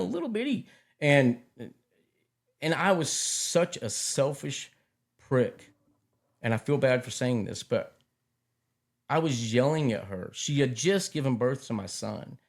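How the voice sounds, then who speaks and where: A middle-aged man talks at a middle pitch in casual conversation. He tells his stories in an animated way and often repeats his phrases as he goes. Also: vocal fry. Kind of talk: casual chat.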